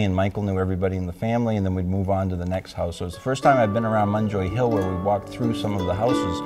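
A man, an author, reminiscing about a friend in a hesitant way with many pauses and fillers. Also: lowish voice. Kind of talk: anecdotal reminiscence.

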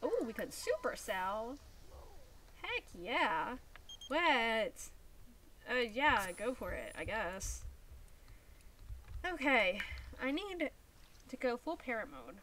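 A woman's voice: a little high, wildly swooping pitch, slow, pauses often, fairly bright tone, slight background noise. A young woman streaming a life-sim game, scolding her characters with exasperation. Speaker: gaming streamer. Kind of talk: casual gameplay commentary.

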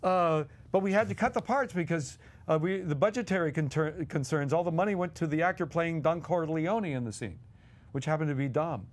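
A man's voice: fairly high pitch, a little fast, a little hiss or hum. A man guest co-hosting a podcast, telling anecdotes animatedly and chuckling as he goes. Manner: animated, chuckles while telling stories, acts out voices. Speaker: guest co-host.

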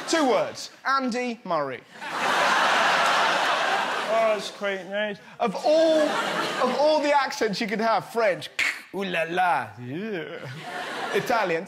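A man's voice: sits high, heavy background noise. A man hosting a televised stand-up comedy monologue, talking with great energy and bursting into shrieking put-on voices. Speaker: comedian host. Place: TV studio with live audience. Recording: loud live studio audience. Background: audience laughter.

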